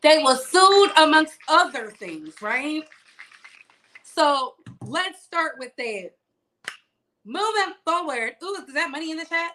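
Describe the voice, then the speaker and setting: A woman's voice: sits high, expressive, slow, long pauses, bright, forceful tone. A woman hosting a live-streamed gossip show, chatting casually and sassily while greeting viewers by name.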